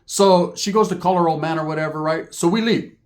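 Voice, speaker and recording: A man telling a profane comic story, animated and acting out characters, with frequent "right?" tags. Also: on the high side, fairly quick.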